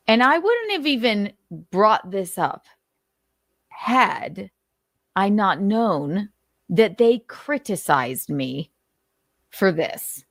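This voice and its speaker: A female livestream host with a mid-range, sing-song voice delivers a heated commentary rant at an extremely slow pace, pausing often. She is angry and swears constantly, firing off repeated rhetorical questions while at times getting choked up with emotion. The recording is clean studio sound with no echo.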